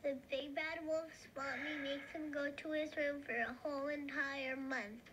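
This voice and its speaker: A woman's voice: high voice, steady tone, measured pace. A woman playfully making up a story, laughing as she goes. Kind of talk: improvised storytelling. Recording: noisy home recording.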